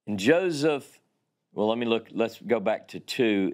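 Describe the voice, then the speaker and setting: A man teaching a Bible class, reading scripture aloud slowly and dramatically and explaining it. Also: lowish voice, lively intonation, a little mellow.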